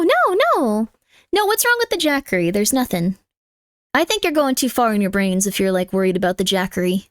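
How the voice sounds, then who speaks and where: A woman's voice: a little high, animated, brisk, no echo, clean studio sound. A woman streamer chatting casually with her viewers. She coos baby talk at her cat and makes playful, over-the-top mock threats. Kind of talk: casual live-stream chat.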